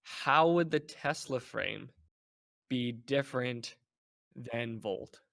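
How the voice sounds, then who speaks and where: A man chatting casually as a guest on a podcast, animated and playful, slipping into mock voices. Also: mid-range voice, takes it slowly, creaky. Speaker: guest, game developer.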